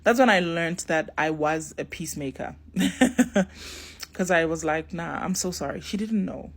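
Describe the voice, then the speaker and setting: A woman's voice: deep voice, measured pace. A young woman tells a spiritual story casually to her viewers and acts out the dialogue. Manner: acts out dialogue in shifting voices, talks straight to viewers.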